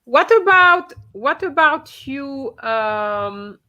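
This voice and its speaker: A woman with a fairly high voice leads a French lesson online. She speaks slowly and patiently, explaining each step and checking in with her students. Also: animated, pushed and bright, lo-fi sound. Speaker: French teacher. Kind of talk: online class instruction.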